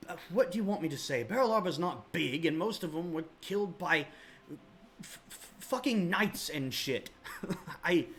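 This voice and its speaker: A man's voice: fairly high pitch, expressive, moderate pace, noisy background. A man voicing a weary warden who defends his recruits in a hesitant, stammering way. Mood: defensive.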